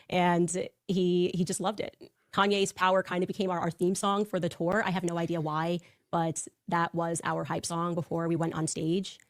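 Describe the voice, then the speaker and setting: A woman telling personal stories in a fast, animated way, acting out the quotes. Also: lowish voice, dry recording, clean studio sound. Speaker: political commentator. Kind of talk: personal storytelling on a show.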